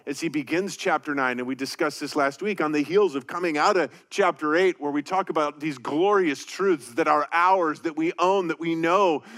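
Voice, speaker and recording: A man preaching a verse-by-verse sermon, earnest and emphatic, slowing down to read scripture aloud. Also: fairly high pitch, a bit bright. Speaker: pastor. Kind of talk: sermon teaching through scripture.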